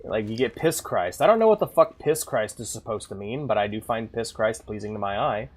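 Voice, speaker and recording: A man streaming a game, rambling and swearing freely as he thinks out loud between moves. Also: on the low side, animated, brisk. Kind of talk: casual gameplay commentary.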